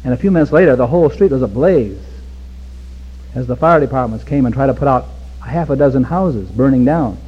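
A man preaching a sermon with passion, swinging from hushed pleading to near-shouting. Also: mid-range voice, lively intonation, brisk, breathy edge. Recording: dull recording with long hall reverb.

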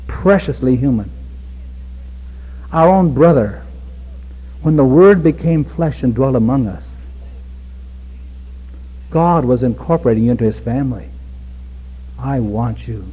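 A man preaching a sermon with passion, swinging from hushed pleading to near-shouting. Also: medium pitch, husky. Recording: dull recording with long hall reverb.

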